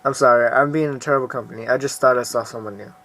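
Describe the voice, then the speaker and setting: A man reading the lines of an anxious, lonely young woman shopkeeper in a game, soft and apologetic. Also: mid-range voice, steady tone, fast, close to an everyday voice. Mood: wistful.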